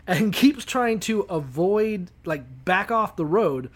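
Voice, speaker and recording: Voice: medium pitch, expressive, slow pace. Profane, jokey podcast storyteller. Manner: profane, jokey, full of fillers. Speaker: podcast co-host. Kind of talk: casual comedic retelling of a bible story.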